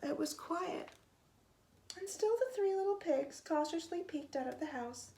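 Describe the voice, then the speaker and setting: Slow, expressive woman reading a storybook. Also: extremely high pitch, noisy background. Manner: expressive, stretching out sound words. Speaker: storytime reader. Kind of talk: reading a children's picture book aloud.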